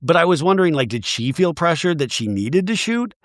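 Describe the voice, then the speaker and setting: A male podcast host rattles through a reality-show recap in a casual comedic way, his pitch swinging up and down all the time. He rambles and drops jokey asides. The sound is close and dry, with no room echo. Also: very animated, a little fast.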